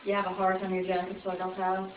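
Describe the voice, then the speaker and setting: A woman's voice: mid-range voice, monotone, quick pace, background noise, pitched below the performer's own voice, lightly acted. A young woman putting on an Irish accent, teasing the crowd as a joking Irish woman who calls people sweetheart. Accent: put-on Irish. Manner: teasing crowd work, pet names. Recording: echoey room, far off, dull lo-fi.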